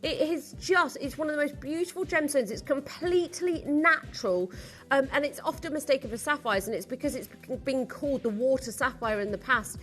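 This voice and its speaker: A woman's voice: high-pitched, brisk, a bit bright, faint music behind. A young adult woman presenting on live shopping TV in a studio, gushing and theatrical.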